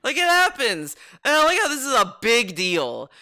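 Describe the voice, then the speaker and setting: A man's voice: very high voice, huge pitch swings, normal speed, pushed and bright, dry recording, clean studio sound. A man giving mocking reaction commentary on a clip, swearing and breaking into exaggerated impressions. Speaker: commentary streamer.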